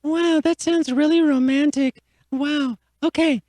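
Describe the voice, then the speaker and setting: A woman's voice: sits high, steady tone, measured pace, mellow, no room sound. A woman playing a naive, gushing contestant on a dating show in an improv comedy radio sketch.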